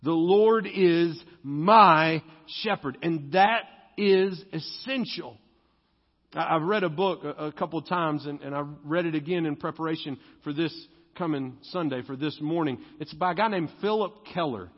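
A young adult male pastor, preaching conversationally in a church and slowing to stress key words. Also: fairly high pitch. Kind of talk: sermon. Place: church sanctuary. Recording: dull sound with long hall reverb.

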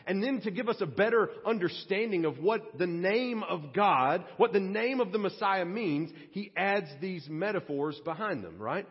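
A man's voice: high voice, animated, moderate pace, hardly any pauses, big-room sound, lo-fi sound. A man preaching a sermon as pastor, reading scripture and then explaining it in an earnest, conversational way with casual asides. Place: church sanctuary.

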